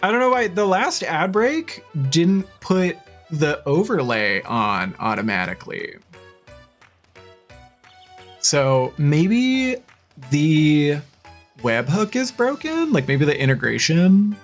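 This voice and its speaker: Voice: medium pitch, slow pace. A talkative streamer chatting through a cozy farming game. The voice swoops up and down with plenty of expression. Faint game music hums underneath the whole time. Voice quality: chatty, expressive, with gasps and laughs. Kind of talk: live-stream chat and reading game dialogue aloud.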